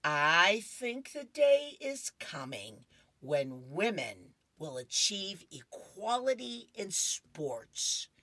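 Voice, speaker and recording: A woman voicing an earnest, bossy, sporty comic-strip girl who yells when frustrated. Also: medium pitch, big pitch swings, very slow, no room sound, pitched above the performer's own voice, full character voice. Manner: earnest, then yelling.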